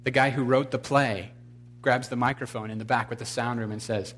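A man's voice: medium pitch, fairly even intonation, a little fast, fairly bright tone. A man preaching a sermon with emphatic delivery. He questions his congregation, adds wry, blunt humor, and builds to fervent exclamations. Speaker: pastor.

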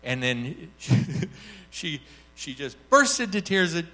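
Male church speaker, lively storyteller, acts out the voices, bright and forceful tone, slightly higher pitch. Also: takes it slowly. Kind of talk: teaching talk with acted anecdote.

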